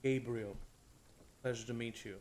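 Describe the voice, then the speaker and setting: A man's voice: medium pitch, steady tone, moderate pace, a little mellow, slight background noise, lightly acted. A man voicing a humble, courteous male cleric who speaks formally with some hesitation.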